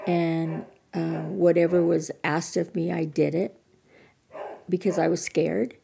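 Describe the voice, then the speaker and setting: A woman's voice: on the low side, level tone, slow pace, gravelly, noisy background. An older woman telling her personal recovery story as a podcast guest, candid, earnest and self-deprecating.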